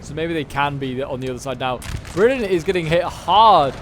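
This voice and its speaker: A man's voice: on the high side, lively intonation, moderate pace, background noise. A man giving chatty play-by-play commentary on a strategy game battle, with wry asides. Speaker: gameplay commentator.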